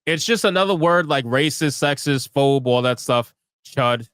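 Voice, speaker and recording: A man's voice: medium pitch, moderate pace, a bit bright, clear, resonant tone, dry recording, studio quality. A man giving sarcastic, ranting live commentary as a streamer, firing off rhetorical questions. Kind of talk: live commentary reading tweets.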